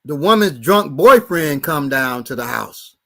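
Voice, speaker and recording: Middle-aged male host, high bright voice, animated, profane storyteller. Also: a little slow, vocal fry. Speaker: podcast host and martial arts instructor. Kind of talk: casual storytelling chat.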